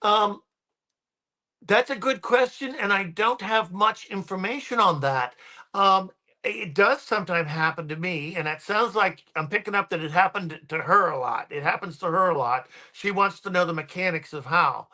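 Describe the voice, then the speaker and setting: A man guesting on a podcast, chatting casually and winding through his stories with frequent ums and restarts. His voice is fairly high and bright. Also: moderate pace. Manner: rambling, many ums and restarts. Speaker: guest paranormal researcher.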